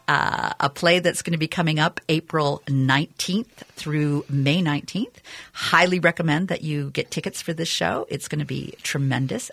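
Bright chatty woman radio host. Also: low voice, vocal fry, no room sound. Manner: chatty, laughs easily, filler-heavy. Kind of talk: casual radio interview.

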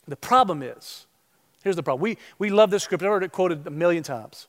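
A man preaching a sermon as pastor, animated and acting out the voices he quotes. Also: sits high, a little fast, long reverb tail.

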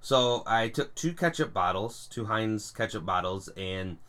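A young man co-hosting a podcast, chatting casually and telling animated stories with puns. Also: on the low side, unhurried. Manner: animated storyteller, puns, laughs at own jokes. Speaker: podcast co-host. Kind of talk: casual chat.

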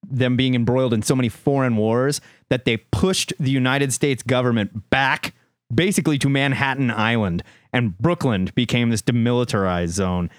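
A man's voice: medium pitch, moderate pace, no room sound, studio quality. A man co-hosting a comic book podcast, chatting with enthusiasm and hyping his picks. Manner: enthusiastic, hyped announcer bursts. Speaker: podcast co-host.

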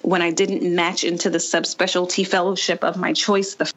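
A woman's voice: lowish voice, fairly quick. A woman, a physician and mother, chatting candidly as a guest and acting out what people say. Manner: candid, animated storyteller acting out quotes. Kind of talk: casual podcast conversation.

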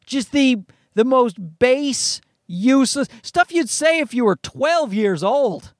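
Brief: male podcast host, high register, exasperated profane rant, dry recording. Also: expressive, unhurried, dry recording. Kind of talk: ranting commentary.

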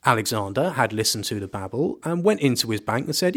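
A man co-hosting a podcast, talking in a casual, jokey, animated way with casual swearing. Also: medium pitch, fairly quick. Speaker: podcast co-host. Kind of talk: casual chat.

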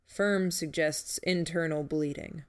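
A woman's voice: sits low, slow pace, smooth. A woman voicing a stern, matter-of-fact male field medic who reports injuries in clipped, clinical phrases.

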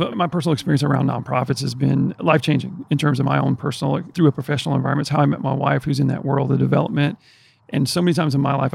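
A man's voice: mid-range voice, gravelly, a little mellow, breathy edge, dry recording. A man co-hosting an interview, asking a long, earnest, rambling question with many restarts. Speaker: podcast co-host.

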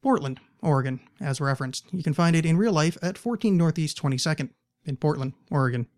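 Guy hosting a podcast, rambly and jokey, slightly high voice, goofing through his plugs. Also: animated, fast talker, a little mellow. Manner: rambling, jokey, self-deprecating asides. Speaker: podcast host. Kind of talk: casual podcast intro with plugs. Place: Portland, Oregon.

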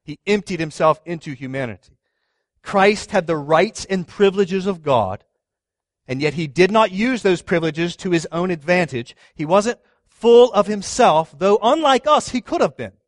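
A man in his thirties, a pastor preaching a sermon, asking the congregation questions and swinging from loud stress to hushed words. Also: high voice, expressive, moderate pace, no echo, studio quality.

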